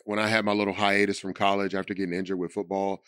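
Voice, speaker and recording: A man's voice: fast talker, clear, resonant tone, no room sound, studio quality. A man in his thirties, a voice actor and podcast guest, chatting and telling stories with big swings into quoted voices. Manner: animated storyteller, slips into quoted voices and big pitch swings. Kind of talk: casual chat.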